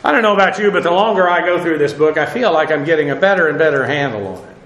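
Guy teaching the bible verse by verse, high bright voice, lots of uh and asides, echoey room. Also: animated, fast. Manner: conversational, with frequent fillers and asides. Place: room, standing before a seated audience.

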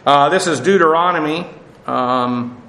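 A man teaching a verse-by-verse Bible lesson, talking off the cuff with many fillers and restarts, slowing down to explain Hebrew and Greek words. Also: fairly high pitch, bright, forceful tone, echoey room, rough recording. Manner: explanatory, slows to spell out Hebrew and Greek terms.

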